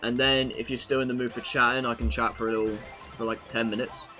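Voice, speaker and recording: A man's voice: medium pitch, flat delivery, quick pace, pushed and bright, faint music behind. A young British man live-streaming a racing game, chatting casually to his viewers and swearing freely as he plays. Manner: chatty, swears freely, talks to chat while playing.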